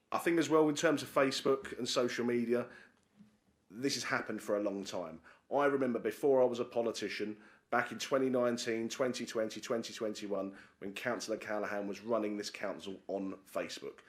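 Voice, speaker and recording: A man chairing a council committee, speaking with many fillers and repeated words. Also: fairly low pitch. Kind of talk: committee debate speech. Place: council chamber.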